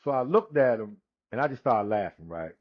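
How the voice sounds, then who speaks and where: A man in his sixties telling his personal testimony in conversation, unhurried, acting out the dialogue he quotes, with frequent restarts. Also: medium pitch, animated. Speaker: guest sharing his testimony. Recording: dull lo-fi recording.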